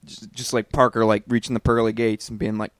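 A man's voice: fairly low pitch, little pitch movement, fairly quick, no echo, clean studio sound. A man co-hosting a podcast, teasing and pressing a friend for clarification in casual chat. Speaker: podcast co-host.

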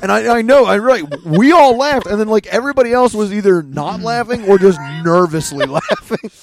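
Animated man chatting about a film. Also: high-pitched, a little fast, gravelly. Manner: animated, laughs often. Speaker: podcast co-host. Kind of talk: casual film-review chat.

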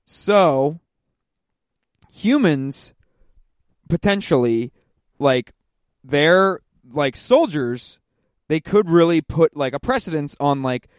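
A man co-hosting a podcast in casual chat, jumping in with quick, animated asides and speculation. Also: a little high, no room sound, clean studio sound. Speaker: podcast co-host.

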